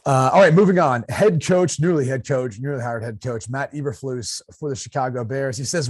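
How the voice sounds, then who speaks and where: A man's voice: medium pitch, brisk, hardly any pauses, a little mellow, breathy edge, dry recording, clean studio sound. A man from Ohio hosting a casual sports talk show, chatty and thinking aloud with fillers and repeats. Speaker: show host and former player.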